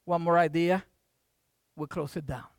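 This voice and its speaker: An older preacher giving a lively sermon, shifting between hushed asides and loud bursts. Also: mid-range voice, unhurried, no room sound, clean studio sound. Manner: animated, jumps from hushed to loud.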